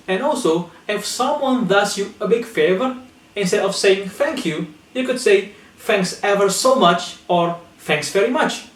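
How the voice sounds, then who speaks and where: A man's voice: high-pitched, lively intonation, normal speed, far from the mic. A young man who is not a native English speaker, giving a casual English lesson and acting out short example exchanges. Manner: explains step by step, acts out short example exchanges. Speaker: language teacher. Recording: roomy echo, from off-mic, faint music.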